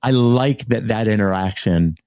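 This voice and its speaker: A man's voice: lowish voice, normal speed, a little mellow, clean tone, no echo. A man co-hosting a casual talk show, telling a story with energy and acting out quoted arguments. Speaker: podcast co-host. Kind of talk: casual conversation.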